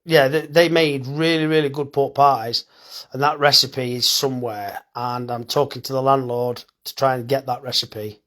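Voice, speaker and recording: A man's voice: mid-range voice, fairly even intonation, normal speed, fairly bright tone. A middle-aged man, a farmer and butcher, chatting casually and bluntly on a phone live stream, reading out comments and swearing now and then.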